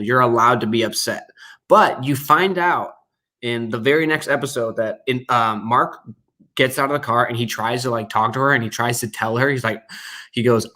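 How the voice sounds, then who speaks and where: A man's voice: mid-range voice, pushed and bright. A man co-hosting a casual podcast, recapping a show in blunt, profane and emphatic talk. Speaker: podcast co-host.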